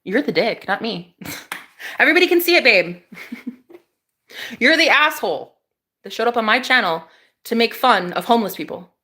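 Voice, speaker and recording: A young woman on a casual livestream, talking back to her chat with biting sarcasm and frequent laughs. Her voice is bright and a little high, and she swears freely. She swings between loud jabs and quiet, dropped asides. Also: animated, moderate pace, pauses often.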